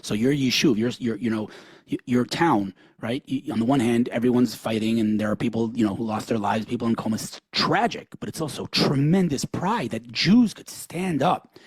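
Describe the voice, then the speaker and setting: A man hosting a discussion, talking fast and earnestly, often restarting his sentences. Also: medium pitch, husky, no echo. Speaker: podcast host. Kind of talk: impassioned discussion.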